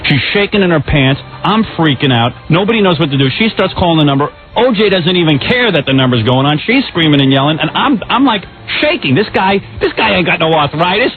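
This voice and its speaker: Comic bit: a man doing a panicky, blustering trial witness. High, swooping delivery, tinny radio sound. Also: fairly quick, few pauses, faint music behind. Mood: frightened. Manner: excitable, blustering, swearing. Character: frantic man acting as a courtroom witness.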